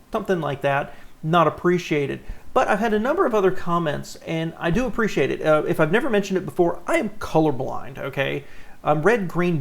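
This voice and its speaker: A man with a fairly high voice and a gravelly edge hosts his car vlog from a home studio. He talks to the camera in an animated, sincere, casual way. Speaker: car channel host. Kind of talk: casual talking-head vlog.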